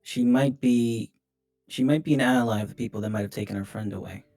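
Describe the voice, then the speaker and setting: A man playing a confident, smooth-talking adventurer who speaks politely and persuasively, in a tabletop game. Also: medium pitch, a little fast, a little mellow, soft background music, natural voice. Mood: earnest.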